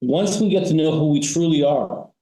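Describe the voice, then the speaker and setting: A man's voice: on the high side, moderate pace, mellow, echoey room, low-quality recording. A man advising on family business, explaining ideas in a conversational interview and telling stories with frequent "you know" and "right?" tags.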